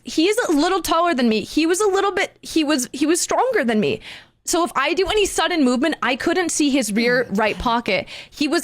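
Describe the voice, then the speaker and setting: A woman streamer with a high voice that swoops up and down, telling a story to her chat in a fast, excitable way and using gamer slang. The sound is dry and close. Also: dry recording.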